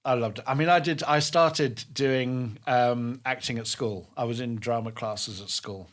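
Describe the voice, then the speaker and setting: A man in his fifties, a drama tutor, telling stories from his career in a chatty interview, emphatic and lively, with many restarts. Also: medium pitch, measured pace. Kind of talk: casual interview storytelling.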